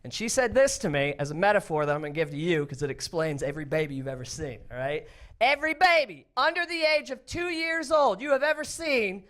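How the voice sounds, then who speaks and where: A man doing a stand-up comedy set, animated and often yelling in put-on voices. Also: high voice, fairly quick. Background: audience in a club.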